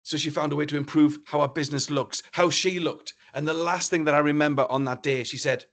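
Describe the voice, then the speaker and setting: A man from northeast England giving a motivational keynote talk, telling a story in an animated, theatrical way. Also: a little high, brisk, hardly any pauses. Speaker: keynote speaker.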